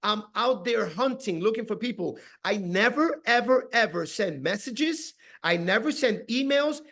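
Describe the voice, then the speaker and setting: A man coaching his sales team on a video call, animated and acting out his phone calls, tagging "right?" onto his points. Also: high-pitched, unhurried, gravelly. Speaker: team leader giving sales training.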